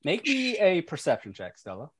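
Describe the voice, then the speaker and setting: A game master slowly narrating a tabletop game in a descriptive, playful way. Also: mid-range voice, huge pitch swings, a bit bright, breathy edge.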